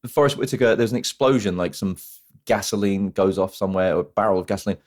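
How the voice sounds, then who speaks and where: A man's voice: fairly low pitch, fast talker. A man co-hosting a podcast, chatting casually about films and acting out scenes as he retells them. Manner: animated storytelling, acts out scenes in mock voices. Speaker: podcast co-host. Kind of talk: casual film-review chat.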